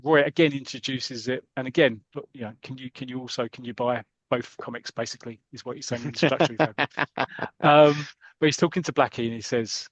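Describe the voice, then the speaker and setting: A man, a podcast host retelling a comic strip in a chatty, animated way. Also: medium pitch, fast, dry recording.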